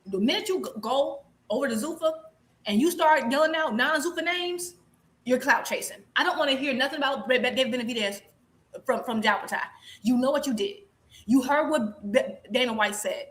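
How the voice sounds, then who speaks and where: A woman's voice: high-pitched, brisk. A woman co-hosting a boxing show, arguing her point insistently, repeating herself and talking over the others. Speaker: co-host of a boxing podcast. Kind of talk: heated casual debate.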